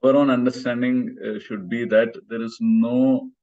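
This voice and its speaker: A man's voice: mid-range voice, level tone, normal speed. A man, teaching a scripture class over a video call and explaining in a patient, hesitant way with many fillers. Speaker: spiritual class speaker. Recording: muffled video call audio.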